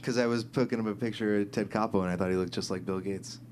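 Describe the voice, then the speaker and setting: A man working as a show producer, making offhand, deadpan replies from off-mic. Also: fairly low pitch, quick pace. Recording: distant off-mic voice, faint hum.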